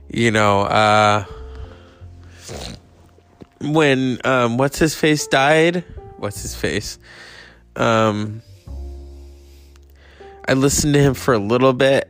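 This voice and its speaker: A man's voice: lowish voice, fairly bright tone. A man hosting a solo podcast, rambling and meandering with lots of fillers. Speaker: podcast host.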